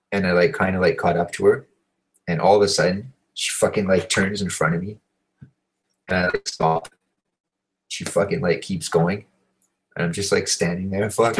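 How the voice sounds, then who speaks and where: A man in his thirties hosting a show, telling a long, profane story in a casual, animated way. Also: sits low, rough recording. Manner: profane, animated, swears constantly. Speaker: host. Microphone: home recording setup.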